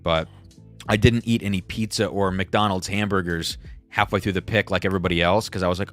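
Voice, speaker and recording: Low-voiced male stream host, loose and self-deprecating, reading chats over faint background music. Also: fairly even intonation, brisk, a bit bright. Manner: rambling, self-deprecating, reads viewer chats aloud. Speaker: livestream host. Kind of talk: casual livestream chat.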